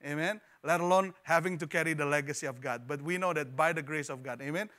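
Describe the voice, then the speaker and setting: A man preaching a sermon as pastor in a church, animated, repeating words and joking with the congregation. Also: a little high, fast. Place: church hall.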